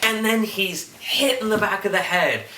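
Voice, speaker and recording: Excitable man rambling in an echoey room. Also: high-pitched, normal speed. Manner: rambling, excitable, makes sound effects. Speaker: TV review vlogger. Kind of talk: casual episode review. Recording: echoey room, mic at a distance, faint noise.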